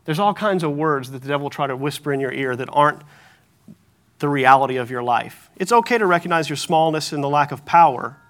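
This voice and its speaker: A male pastor delivers a sermon in a notably high voice. His tone is bright and forceful, and he tells stories with lively, self-mocking humor. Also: a little fast. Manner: animated storytelling with self-deprecating humor.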